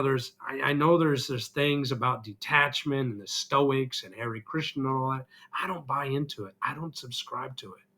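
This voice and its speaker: A man's voice: medium pitch, sharp tone. A middle-aged man vlogging an earnest, emotional personal reflection, still getting over an illness. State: recovering from illness, congested.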